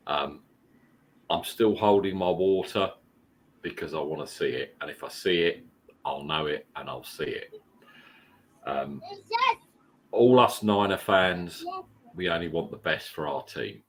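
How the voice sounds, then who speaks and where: Super low voiced guy running a sports podcast, blunt, jokey, swears a lot, faint hiss behind him. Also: a little slow, pauses often. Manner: blunt, joking, swears freely. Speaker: podcast host. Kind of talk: casual sports chat.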